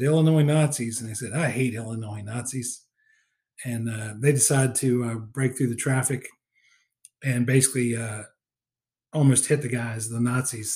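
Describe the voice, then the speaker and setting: A man's voice: mid-range voice, warm tone. Rambling, filler-heavy man recapping a film. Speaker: podcast co-host. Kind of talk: casual film discussion.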